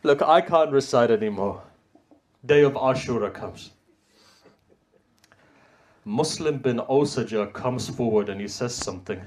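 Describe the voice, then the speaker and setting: A man giving an impassioned mourning sermon, swinging between loud cries and hushed tones and using Arabic religious terms. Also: medium pitch, a little slow, long pauses. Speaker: religious reciter.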